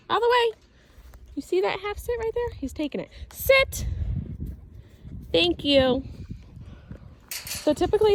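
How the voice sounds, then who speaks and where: A woman dog trainer chats casually through a session in an outdoor yard, with slight background noise. Now and then she breaks off her explanations to give her dog sharp, high commands.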